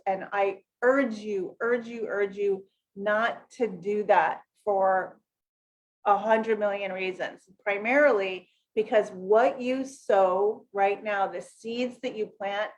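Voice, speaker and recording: A woman's voice: medium pitch, fairly even intonation, measured pace. Chatty middle-aged woman coaching on a livestream. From United States. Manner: chatty and rambling, many fillers and self-corrections; greets chat viewers by name brightly. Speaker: network marketing coach hosting a live session. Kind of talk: casual livestream talk to viewers.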